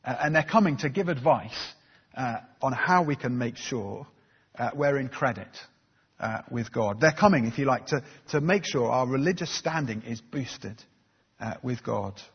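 A man preaching a sermon, earnest and conversational, with plenty of ums and uhs. His voice is very husky and sits at a middle pitch. The recording is dull, with a long hall echo behind him. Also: moderate pace.

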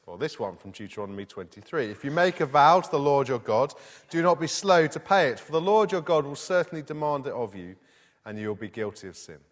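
A man's voice: medium pitch, expressive, fairly quick. A man preaching a sermon in a conversational way, reading scripture aloud and asking the congregation questions. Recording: long hall reverb.

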